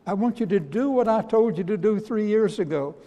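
A man in a sermon giving the words of Jesus, a calm and forgiving grown man, speaking slowly and tenderly. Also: high-pitched, creaky, highs cut off, voice pushed up. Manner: slow, tender, quiet quoted speech. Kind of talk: quoted speech within a sermon. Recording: long reverb of a large hall.

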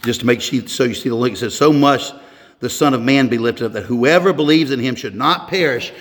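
A man's voice: mid-range voice, brisk, fairly bright tone. A man giving a sermon as pastor, earnest and conversational, often restarting his sentences. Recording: echoey hall with long reverb.

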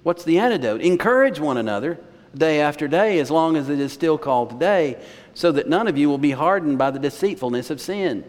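A man's voice: on the high side, expressive, a little fast. A male pastor preaching a sermon in a conversational, storytelling manner, recorded in a church sanctuary. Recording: long church reverb.

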